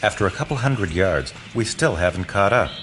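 Male audiobook narrator: low, lively voice, first-person, expressive storytelling. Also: moderate pace, heavy background noise.

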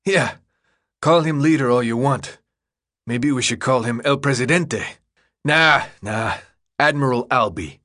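A man's voice: mid-range voice, unhurried, pauses often, fairly bright tone, lightly acted. A man voicing a cocky, sarcastic teenage boy runner who talks in mocking, bossy slang.

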